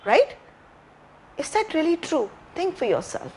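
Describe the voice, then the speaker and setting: A woman's voice: a little high, expressive, unhurried. A woman with an Indian English accent giving a live educational health talk, telling a story and asking the audience questions. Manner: storytelling, repeats phrases, asks audience questions. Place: library talk room.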